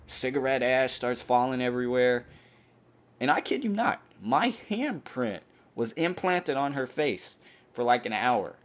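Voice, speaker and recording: A young man hosting a gaming channel, telling a rambling, animated story over gameplay with plenty of fillers. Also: mid-range voice, measured pace.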